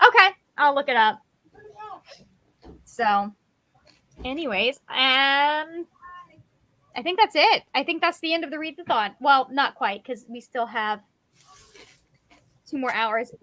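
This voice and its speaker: A woman's voice: high-pitched, animated, takes it slowly, long pauses, bright, forceful tone, dry recording. A young woman hosting a casual group chat over a video call, chatty and self-deprecating. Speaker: host.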